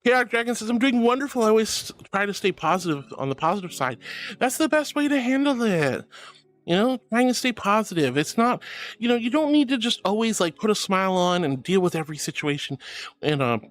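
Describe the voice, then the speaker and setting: Sweet, giggly woman streamer with lively pitch. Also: fairly quick. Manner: sweet, giggly, affectionate, reads chat aloud. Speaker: VTuber streamer. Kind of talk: casual live-stream chat.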